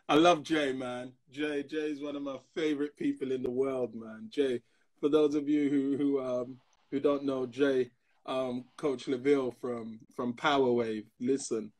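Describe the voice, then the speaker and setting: A man's voice: medium pitch, a little slow. A man in his fifties, a pastor, telling personal stories in a casual discussion and acting out the other people in them. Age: 50s. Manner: animated storyteller who acts out other people's voices.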